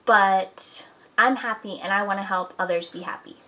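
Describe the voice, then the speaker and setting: A woman's voice: medium pitch, moderate pace, pushed and bright, low-quality recording. A young woman in her twenties talking earnestly to camera at home, giving encouraging life advice in a casual chatty way. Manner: earnest, encouraging, talks with "like" and "you know". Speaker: vlogger. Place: apartment at home.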